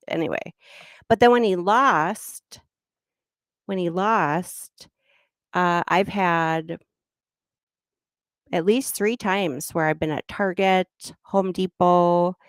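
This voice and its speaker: Middle-aged Minnesotan woman, livestream host, smooth clear voice close and dry, casual anecdotal chat. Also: lowish voice, no echo. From Minnesota, USA. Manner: chatty, laughs between anecdotes. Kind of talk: casual storytelling.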